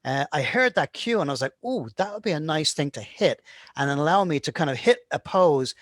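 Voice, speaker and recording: Guy teaching animation polish, chill, says "right?" a lot, bit higher voice, dead dry sound. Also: animated, a little fast, fairly bright tone, no room sound. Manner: casual, keeps asking "right?". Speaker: animation instructor. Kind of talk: screen-recorded tutorial talk.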